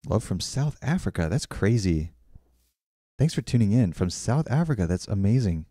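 A man's voice: fairly low pitch, sing-song, moderate pace, dark tone, no echo, clean studio sound. A young man streaming a game, chatting casually with viewers and often apologizing. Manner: chatty, apologetic, reads chat aloud. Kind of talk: casual live-stream chat while building.

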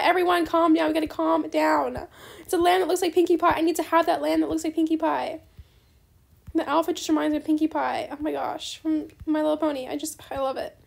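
Young girl gamer, high squeaky voice with a bit of fry, chatty and bubbly. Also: steady tone, a little mellow. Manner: bubbly, fast-talking, says bestie a lot. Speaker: gaming YouTuber. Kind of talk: casual gameplay commentary.

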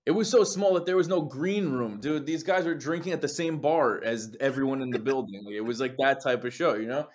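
A man's voice: mid-range voice, fairly quick, few pauses. A young man from New Jersey, a singer and guest, telling stories in casual chat, swearing often and acting out what others said. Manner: animated storytelling, swears, acts out quotes.

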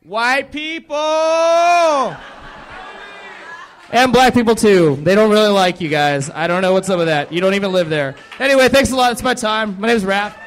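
A man's voice: high-pitched, fast, few pauses, fairly bright tone, some chatter behind, slight background noise. A young man from the American South doing a profane, rambling stand-up set and laughing at his own jokes. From Southern United States. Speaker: stand-up comedian.

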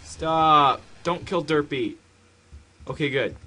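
A man doing let's play commentary on a horror game, jumpy and panicky, yelling at the screen. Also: medium pitch, a little slow. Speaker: gamer playing a horror game.

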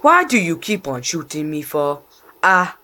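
Slow-talking raging man gamer. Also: a little high, sing-song, slight background noise. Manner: raging, swearing and yelling at opponents. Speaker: gaming channel host. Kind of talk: live gameplay commentary.

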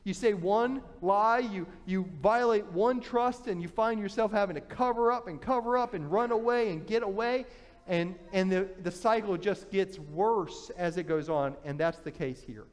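A male pastor preaching a sermon, retelling a story in an animated way, often restarting his phrases. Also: high-pitched, moderate pace, big-room sound. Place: church sanctuary.

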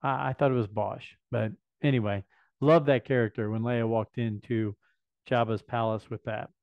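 A man's voice: mid-range voice, fairly even intonation, normal speed, gravelly, no room sound. A man in his fifties hosting a casual unboxing video, chatting enthusiastically and thinking aloud as he goes. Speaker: vlog host. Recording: dry, slightly dull lo-fi sound.

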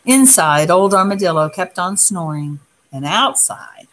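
A woman reading a picture book aloud in a soft, unhurried way, pausing to comment on the pictures. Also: lowish voice, expressive, a little hiss or hum. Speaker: storyteller.

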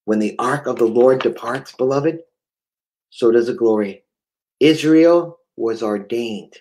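A man's voice: mid-range voice, steady tone, moderate pace, a little mellow, poor audio. A man with a New England accent preaching a fervent sermon, often stammering and repeating words.

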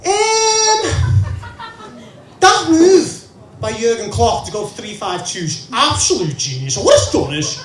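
A man impersonating an excitable male football pundit with a Scouse accent, talking in breathless, over-the-top analysis. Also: extremely high pitch, takes it slowly, voice pushed up, full character voice. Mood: gushing. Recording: echoey room.

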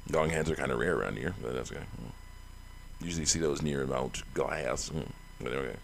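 A man's voice: extremely low pitch, expressive, measured pace, gravelly, pauses often, a little hiss or hum. A man giving chatty, rambling commentary while playing a video game, laughing often. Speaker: let's play host.

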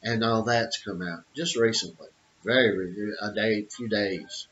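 A man's voice: on the low side, a little slow, fairly bright tone. A middle-aged man giving an opinionated monologue, emphatic, with repeated phrases and many fillers. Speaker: channel host. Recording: dull lo-fi audio.

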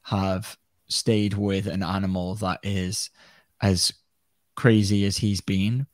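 A man speaking as a podcast guest, talking in a reflective, earnest, measured way. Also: sits low, little pitch movement, no echo. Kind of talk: casual conversation.

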